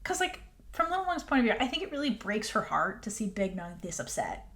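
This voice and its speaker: A woman co-hosting a casual recap chat, animated and acting out character lines. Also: fairly high pitch, brisk. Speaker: podcast co-host.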